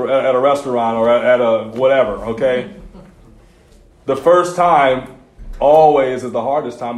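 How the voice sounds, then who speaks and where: A man's voice: mid-range voice, a little mellow. Casual, echoey-room youth preacher man. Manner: conversational storytelling, casual slang. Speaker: youth pastor. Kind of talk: sermon.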